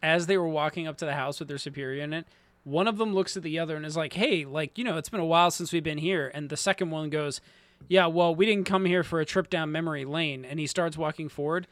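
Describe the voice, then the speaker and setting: Male co-host, high voice, dry close sound, excitable, swears. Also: fast, dry recording. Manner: excitable, swears, retells scenes with amusement. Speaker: podcast co-host. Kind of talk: casual anime review chat.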